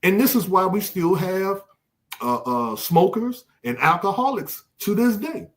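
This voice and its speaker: Animated older man hosting a podcast. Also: sits high, a little slow. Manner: animated, repeats words when searching for a thought. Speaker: podcast host. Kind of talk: casual podcast discussion.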